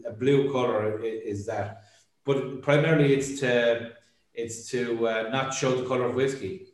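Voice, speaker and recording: A man's voice: mid-range voice, steady tone, a little slow. An Irish man from Ireland, speaking as a distillery representative in a casual interview chat, hedging a lot with fillers. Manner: hedging, filler-heavy, often says "I suppose". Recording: very echoey room.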